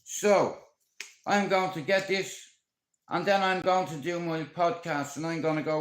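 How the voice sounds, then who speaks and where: In an echoey room, a Dubliner from Ireland vlogs for YouTube in a fairly high, fairly even voice, speaking a little slowly. He's brash and sweary, wanders from topic to topic, and does voices for comic bits.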